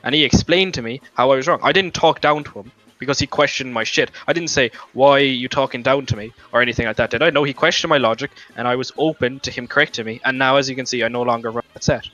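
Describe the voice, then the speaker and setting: In a heated gaming voice chat argument, a young man swears and rambles while standing by his logic. He speaks quickly with few pauses in a bright, forceful, medium-pitched voice, recorded through a lo-fi voice chat mic with faint music.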